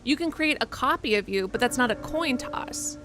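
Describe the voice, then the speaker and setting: A woman's voice: on the high side, expressive, a bit bright. A young woman streamer chatting casually as she plays a horror game, rambling and poking fun at herself. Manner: rambling, self-mocking, quick asides. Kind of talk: casual live-stream chat while playing.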